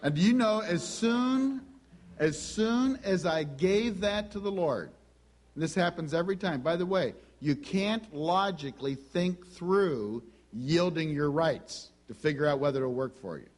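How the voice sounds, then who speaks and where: A man preaching a sermon, telling a personal story in a conversational, animated way and acting out the dialogue. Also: a little high, measured pace.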